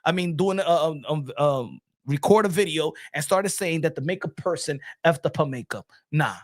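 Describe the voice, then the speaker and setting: A man's voice: on the high side, normal speed. A man ranting casually on a boxing stream in a mocking, slangy way, repeating his lines.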